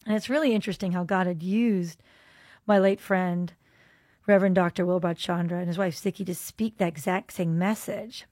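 A woman hosting a faith podcast, telling a personal story with lively expression and moving into quiet, earnest prayer. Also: lowish voice, moderate pace, no echo.

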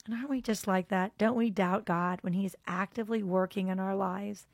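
A woman hosting a faith podcast, telling a personal story with lively expression and moving into quiet, earnest prayer. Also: medium pitch, brisk, no room sound.

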